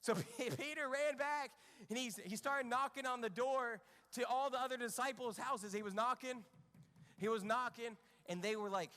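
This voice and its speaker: On the stage of a church kids' room, a children's ministry leader acts out a Bible story and asks the children questions. His voice is extremely high-pitched at normal speed, echoing as in a large hall. He's animated throughout.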